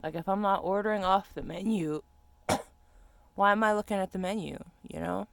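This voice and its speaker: A young adult vlogger rants through a storytime, animated and exasperated, cursing freely. The voice has a gravelly fry. It sits close to the mic in a dry, dead room. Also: mid-range voice, normal speed, dry recording. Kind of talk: casual storytime rant.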